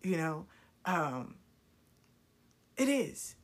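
With a breathy edge and drawn-out words, this woman's lowish voice carries frank, profane stories from her own life. She animatedly shifts between hushed asides and loud outbursts.

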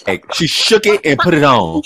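A man's voice: fairly high pitch, wildly swooping pitch, normal speed, a bit bright, slightly rough. A man co-hosting a podcast in casual chat, given to dramatic mock-angry rants. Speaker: podcast co-host.

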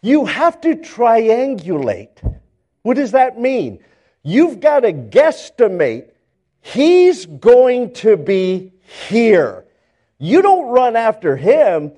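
An older male pastor preaching a sermon, telling stories in animated fashion and acting out the characters, often repeating words as he builds up. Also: extremely high pitch, takes it slowly. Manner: animated storytelling, acts out characters, stammers repeats.

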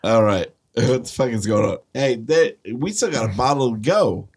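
A tipsy man co-hosting a podcast, his husky voice swinging up and down as he swears and jokes with friends. He talks in loose, laughing banter. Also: medium pitch, expressive, moderate pace. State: tipsy from drinking. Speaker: podcast co-host. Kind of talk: casual chat podcast.

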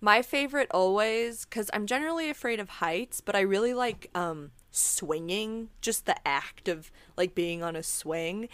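A woman's voice: medium pitch, a little slow, hardly any pauses, a bit bright, smooth, no room sound. A woman co-hosting a podcast in casual chat who wanders and searches for words. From New Mexico. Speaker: podcast co-host.

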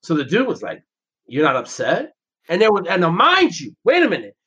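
With a high, husky voice and a quick pace, this former Navy SEAL guest spins brash, profane, animated stories in casual conversation. The podcast recording sounds dull and lo-fi.

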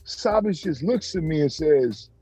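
A man, a former pro basketball player, telling stories in a casual interview, animated and jumping up in pitch when he acts out other people. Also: a little slow, breathy edge, faint music behind.

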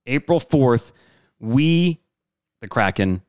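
A man's voice: medium pitch, animated, takes it slowly, darkish tone, clear, resonant tone. A man in his thirties co-hosting a casual sports podcast, joking and bantering as he tells stories. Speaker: podcast co-host.

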